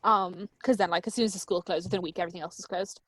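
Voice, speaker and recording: A woman's voice: fairly low pitch, fairly even intonation, rapid-fire, a bit bright, dry recording. An Irish woman co-hosting a podcast in casual chat, wry and chatty with frequent laughter. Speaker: podcast co-host.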